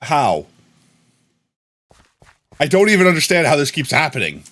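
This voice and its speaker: A man livestreaming a game, chatting casually with his viewers in a rambling, jokey way that often trails off into a low mumble. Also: wildly swooping pitch, normal speed, fairly bright tone. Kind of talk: casual live-stream chat with viewers.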